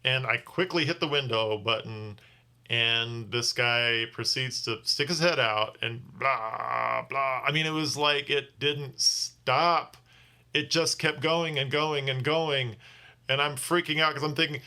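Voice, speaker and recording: A man's voice: medium pitch, normal speed, bright, forceful tone. A tired man telling a casual vlog story as a rideshare driver, rambling and often restarting his sentences. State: tired from little sleep.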